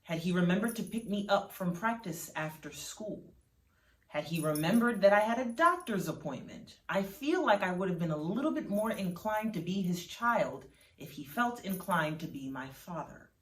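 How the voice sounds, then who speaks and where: Sarcastic teen daughter, dry and cutting, voiced by a woman storyteller; low voice, echoey room. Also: lively intonation, moderate pace, close to an everyday voice. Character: sarcastic, hurt teenage daughter. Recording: roomy sound from a distant mic.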